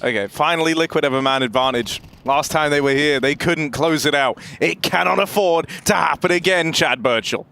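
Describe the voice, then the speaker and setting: Brief: male esports caster, a bit high, joking banter, faint game noise behind. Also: moderate pace, creaky, hardly any pauses, sharp tone. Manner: playful, swearing, banter-heavy. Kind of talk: live esports play-by-play.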